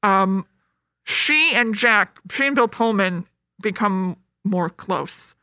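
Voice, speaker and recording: A woman's voice: mid-range voice, lively intonation, slow, bright, forceful tone, smooth, no room sound. A woman in casual chat, retelling a film's plot in a chatty way full of fillers. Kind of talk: casual chat about a movie.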